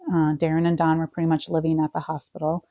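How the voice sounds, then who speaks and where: Soft-spoken woman telling a painful story. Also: low voice, completely flat delivery, fast, no room sound. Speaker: guest. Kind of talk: personal storytelling interview.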